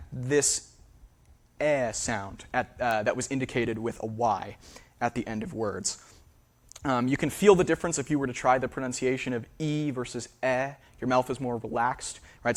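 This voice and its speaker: A man from New England lectures to a theater audience in an ordinary mid-range voice. He explains patiently with plenty of "um" and "uh" and keeps checking in with "right?" as he goes. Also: mid-range voice. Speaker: linguist giving a public history lecture. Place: theater during a speaker series.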